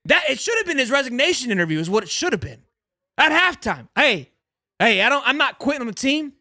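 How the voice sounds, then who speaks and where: A young man hosts a fan livestream, ranting hard and cursing as he reads out viewer donations. His voice is bright and sharp, and it swings widely up and down. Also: extremely high pitch, very animated, fast talker, no room sound, studio quality. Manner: angry, ranting, swears a lot, reads out donations. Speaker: sports livestream host.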